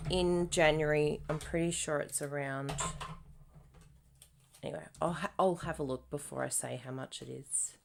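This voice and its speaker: A woman's voice: deep voice, creaky, slight background noise. A woman hosting a casual live craft tutorial, bubbly and giggly, breaking into squealed exclamations as she chats to viewers. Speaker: papercraft demonstrator hosting a live stream.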